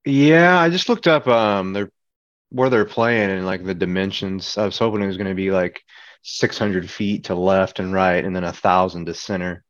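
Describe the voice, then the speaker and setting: A man with a fairly low voice rambles playfully through podcast banter. The recording is dry and a little dull. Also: steady tone, normal speed, no echo. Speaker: podcast co-host. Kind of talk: casual chat.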